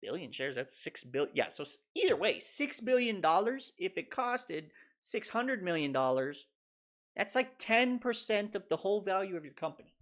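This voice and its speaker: A man's voice: high voice, big pitch swings, normal speed, fairly bright tone. A man in his thirties hosting a casual stock market livestream, rambling loosely with swearing and laughs. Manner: profane, laughing, loose and offhand.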